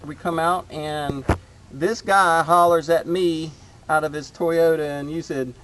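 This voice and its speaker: A man's voice: on the high side, steady tone, fairly bright tone. A man hosting his homestead channel, chatting casually outdoors in his garden and rambling with lots of fillers. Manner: rambling, halting with many fillers.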